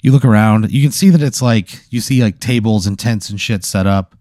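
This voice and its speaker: Low, dark-voiced man spinning a story. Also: fairly quick, dry recording, studio quality. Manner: rambling, filler-heavy narration. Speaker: game master of an improv bit. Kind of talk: casual improvised storytelling.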